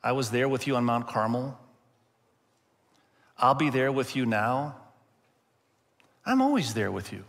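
A man voicing God as a calm, gentle presence, speaking slowly and softly. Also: medium pitch, vocal fry, long reverb tail. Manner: slow, soft and hushed.

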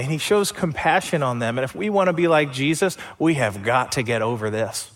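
A man's voice: on the high side, fairly bright tone. Preaching man in an echoing hall. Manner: conversational preaching with rhetorical questions. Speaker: pastor. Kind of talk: sermon.

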